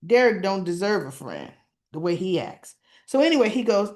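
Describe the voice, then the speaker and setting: A woman casually recapping a soap opera episode, acting out the characters' lines in an animated, chatty way. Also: medium pitch, normal speed. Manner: animated retelling, acts out lines.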